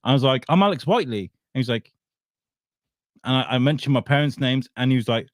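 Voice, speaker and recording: A man's voice: medium pitch, fairly quick, dry recording, clean studio sound. A man hosting a casual chat show, rambling and swearing, laughing a lot. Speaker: podcast host.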